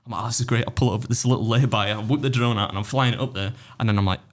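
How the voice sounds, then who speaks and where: Animated English podcast host. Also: male voice, on the low side, racing. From England. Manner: animated storyteller, laughing, swearing. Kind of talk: casual podcast chat.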